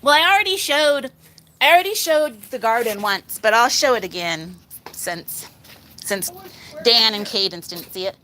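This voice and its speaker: Outdoors in her garden, a woman vlogs on a handheld phone, showing off her pet pig and plants while rambling casually and laughing a lot. Her voice is fairly high, animated and bright, with a forceful tone at a normal speed.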